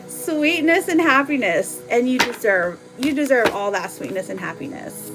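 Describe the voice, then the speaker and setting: Woman host of a live card reading, bright high voice, relaxed pace, chatty and teasing, music clearly audible underneath. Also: takes it slowly. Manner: chatty and playful, laughing often. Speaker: live tarot reader.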